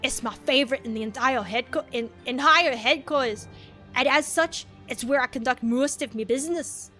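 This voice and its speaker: Woman doing an old Scottish doctor, stuttering, charming, high, bright. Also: soft background music. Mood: proud. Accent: attempted Scottish. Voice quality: stuttering, halting speech.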